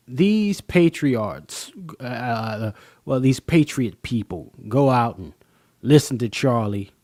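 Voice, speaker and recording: A man hosts a livestream in a fairly high, very animated voice that rises and falls a lot. He talks emphatically in loose slang, with frequent pauses, and sounds dry and close to the mic. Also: dry recording. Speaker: livestream host. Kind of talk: casual livestream commentary.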